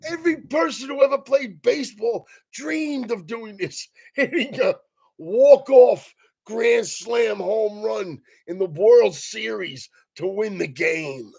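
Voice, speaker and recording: Male comedian, high pitch, husky edge, casual rant, heavy swearing, laughing as he talks. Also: slow. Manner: animated, swears constantly, laughs mid-sentence.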